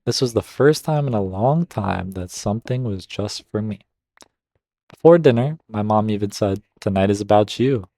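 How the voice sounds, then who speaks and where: A man's voice: on the low side, expressive, moderate pace, warm tone. A man reading a drama story aloud and breaking off to react with upbeat asides. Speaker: Reddit story reader and gaming commentator. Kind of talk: reading stories aloud with casual commentary.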